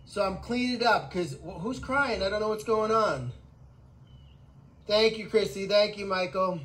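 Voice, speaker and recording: A man hosting a casual live vlog outdoors on an animal sanctuary farm, talking in an excitable, rambling way. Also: sits high, moderate pace, low-quality recording.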